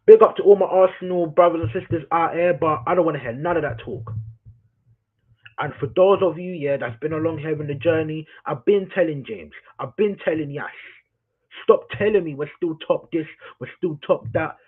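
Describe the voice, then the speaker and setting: A man's voice: fairly high pitch, moderate pace, slightly rough. A man ranting about his football team on a live stream, swearing, repeating himself and calling his chat "people.". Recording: tinny phone-like audio.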